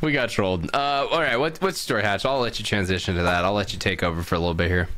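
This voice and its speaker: A man hosting a podcast, bantering casually and teasing his friends with quick jokes. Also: on the low side, fairly bright tone. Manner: teasing, joking, quick to laugh. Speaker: podcast host.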